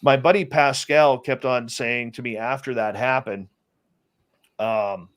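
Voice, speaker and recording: A man, a radio host, speaking as an interview guest and telling a personal story in a lively way, often restarting his sentences. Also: medium pitch, measured pace. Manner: animated storyteller with many restarts. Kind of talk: casual storytelling chat.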